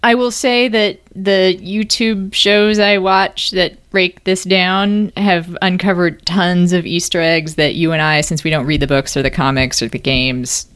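A woman's voice: on the low side, steady tone, unhurried, few pauses, a bit bright, smooth. A woman co-hosting a podcast in casual chat, thoughtful, often restarting her sentences and laughing easily. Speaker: podcast co-host.

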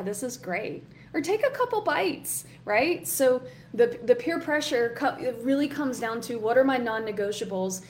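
A woman leads a live online workshop, chatty and encouraging. Her voice sits somewhat high. A faint noise runs under her talk. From Southern US. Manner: chatty, encouraging, reads chat comments aloud. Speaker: coach, workshop host.

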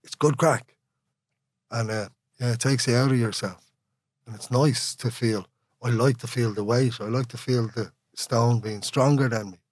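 A man's voice: mid-range voice, fairly even intonation, moderate pace, a little mellow, dry recording. A man with an Irish accent talking as an interview guest, rambling and candid, laughing often and swearing freely. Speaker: guest, musician. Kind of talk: casual conversational interview.

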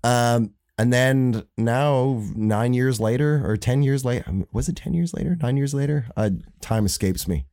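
A man's voice: medium pitch, normal speed, few pauses, no room sound, clean studio sound. A man with an Irish accent, a guest telling stories in a casual chat, rambling and acting out the quotes he tells. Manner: rambling, animated, acts out quotes. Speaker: podcast guest, saxophonist.

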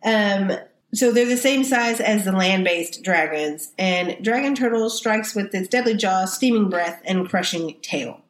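A woman's voice: mid-range voice, a little slow. Giggly Texan woman co-hosting a podcast. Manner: giggly, bubbly, chatty. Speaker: podcast co-host. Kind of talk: casual chat and reading monster lore. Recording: roomy sound.

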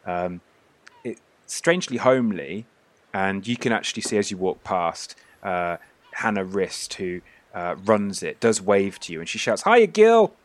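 A man's voice: low-pitched, measured pace, no room sound. A man hosting and narrating a tabletop game as game master, describing scenes at length with many fillers.

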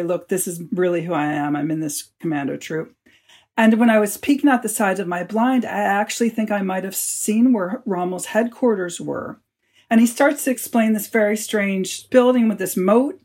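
A woman, an author being interviewed, telling a long story with lively quoted lines. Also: mid-range voice, moderate pace. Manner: animated storyteller, quotes people in her tale. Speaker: author and guest.

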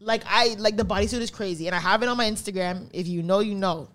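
A young woman hosts a podcast with blunt, profane excitement. She talks casually and fast-shifting, at a middle pitch for a woman, gushing over things she loves. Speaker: podcast host. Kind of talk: casual chat.

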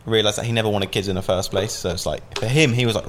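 A man's voice: fairly low pitch, fast, few pauses, fairly bright tone. A man from Southampton, telling a long story as a podcast guest in a casual, rambling way, full of fillers and swearing. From Southampton, England.

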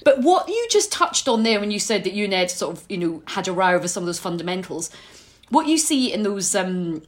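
A woman in casual chat, telling stories with lots of laughter and shrieks when amused. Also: fairly low pitch. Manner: animated storyteller, laughs often, squeals when amused. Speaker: podcast guest.

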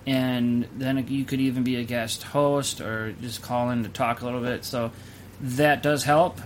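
A man's voice: mid-range voice, fairly even intonation, a little slow, slight background noise. A man hosting a casual podcast chat, rambling and joking loosely. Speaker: podcast host.

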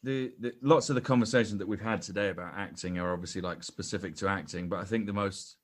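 A young man with a very low voice, chatting as a podcast guest. He spins a self-mocking anecdote, often restarting his sentences, close on a studio mic. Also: steady tone, fast talker. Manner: self-deprecating storyteller with frequent restarts. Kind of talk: casual podcast chat, anecdote.

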